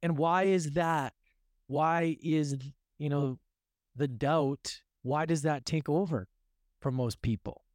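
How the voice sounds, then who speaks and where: A man's voice: on the high side, slow pace, no echo, studio quality. A man hosting a podcast, enthusiastic and affirming, talking casually and asking probing questions. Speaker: podcast host. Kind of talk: casual interview conversation.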